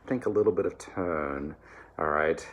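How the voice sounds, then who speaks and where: A man teaching German pronunciation to singers, relaxed and encouraging, often checking in with "all right?" and slowly modeling words. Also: low voice. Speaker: choir diction coach. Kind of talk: German diction lesson for singers.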